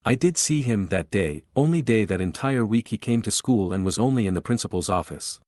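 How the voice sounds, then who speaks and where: Low-voiced man reading a forum story. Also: animated, fairly quick, darkish tone, no echo, clean studio sound. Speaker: story narrator. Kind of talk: reading a forum post aloud.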